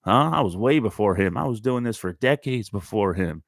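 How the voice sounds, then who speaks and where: A man putting on the voice of a feisty old blues legend who talks to his crowd from the stage in a gruff, scolding way. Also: low-pitched, fairly even intonation, fast talker, dry recording, studio quality.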